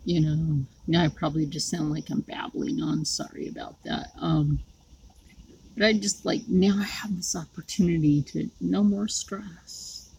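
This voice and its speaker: Woman vlogger, slow gravelly delivery, rambling and halting, faint outdoor ambience behind. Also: sits low, steady tone, warm tone, a little hiss or hum, rough recording. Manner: rambling, halting talk with many fillers. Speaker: YouTube creator. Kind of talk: personal vlog to viewers.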